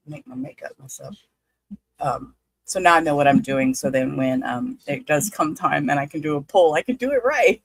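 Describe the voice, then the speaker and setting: A woman, hosting a livestream in a chatty, halting, excitable way. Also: deep voice, breathy edge, no echo, low-quality recording. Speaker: livestream host. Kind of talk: casual livestream chat.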